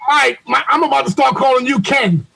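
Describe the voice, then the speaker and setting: A man bantering on a video call, joking crudely and teasing loudly. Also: extremely high pitch, brisk, vocal fry, breathy edge, poor audio.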